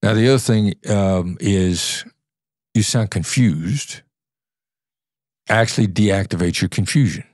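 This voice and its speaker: A man's voice: low-pitched, dry recording, clean studio sound. A man, a former negotiator, explaining ideas in a conversational podcast interview, sometimes acting out different tones of voice. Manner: earnest and explanatory, acts out tones of voice to illustrate.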